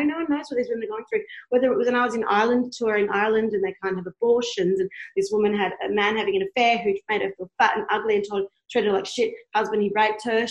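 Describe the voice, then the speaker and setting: A woman's voice: medium pitch, echoey room, low-quality recording. A woman in her thirties, a blogger guest talking candidly in a podcast conversation, passionate and blunt, swearing freely. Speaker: guest, blogger who tours.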